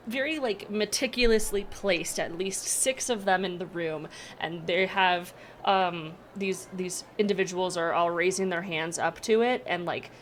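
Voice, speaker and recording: A woman's voice: fairly low pitch, slight background noise. A woman game master narrating a tabletop game in a casual, rambling way. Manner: casual, filler-heavy narration.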